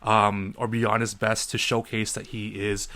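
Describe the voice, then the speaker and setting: A man co-hosting a casual podcast, telling animated stories and acting out the people in them. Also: a little slow. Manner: animated storyteller, acts out other people in a high voice. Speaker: podcast co-host.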